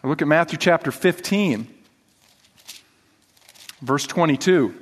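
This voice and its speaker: A male pastor giving an animated sermon, reading scripture aloud and asking the congregation rhetorical questions. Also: fairly high pitch, takes it slowly. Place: church hall. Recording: long reverb of a church hall.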